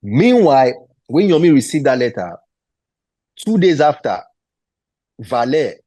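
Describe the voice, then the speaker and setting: A man in his thirties recounts his career in a sit-down interview. His voice sits at a middle pitch, and it jumps higher and louder when he acts out the other people's lines. The sound is dry and close, with little room echo. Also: unhurried. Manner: animated retelling, acting out quoted dialogue. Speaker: interview guest, former footballer.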